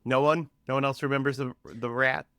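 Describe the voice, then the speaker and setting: A young man as a podcast guest, joking and animated in casual banter, jumping into shouts. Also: mid-range voice, fairly quick, smooth, dry recording.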